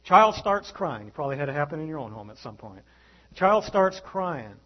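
A man preaching a sermon as pastor, animated, acting out the voices in his stories. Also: medium pitch, dull audio.

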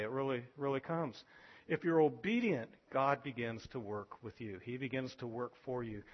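A man preaching a sermon as pastor, animated, acting out voices from scripture. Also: lo-fi sound. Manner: animated, acts out biblical voices with rising pitch.

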